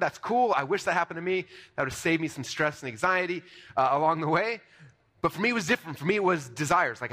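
A man giving a motivational seminar talk to a live audience, energetic and conversational, with many fillers and restarts. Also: medium pitch. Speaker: seminar speaker.

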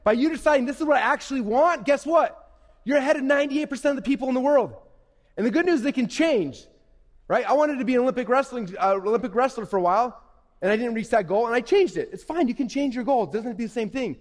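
A man giving an energetic, playful, emphatic live presentation to young people as a motivational speaker. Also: very high-pitched, fast. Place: event hall. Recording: reverberant hall.

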